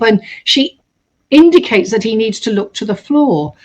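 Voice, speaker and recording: Animated woman telling a true story. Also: fairly high pitch, normal speed. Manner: animated, acts out quoted voices. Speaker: storyteller host. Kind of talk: casual storytelling.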